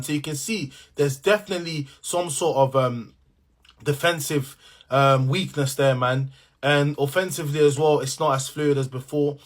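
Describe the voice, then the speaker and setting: A man chatting casually about a football result, his voice a touch higher than most. He leans on slang and fillers, tagging his lines with easy asides. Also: fairly bright tone. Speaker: football fan commentator.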